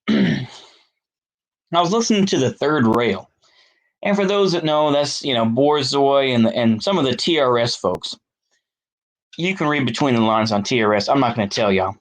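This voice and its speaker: A man with a Texan accent, ranting to camera as a political commentator, profane and exasperated, with sarcastic asides. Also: a little high. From Texas. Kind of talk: solo rant to camera.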